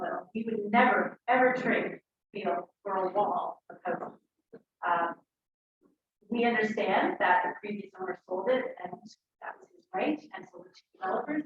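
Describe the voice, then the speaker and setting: A woman resident making an earnest, emotional public comment to a town council. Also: mid-range voice. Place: council chamber. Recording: echoey chamber, distant mic, muffled, faint hiss.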